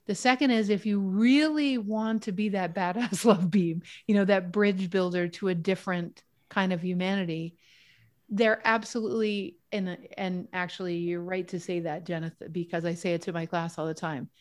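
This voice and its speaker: Animated chatty woman guest. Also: fairly low pitch, moderate pace. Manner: animated, chatty, playful with vivid analogies. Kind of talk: casual conversational interview.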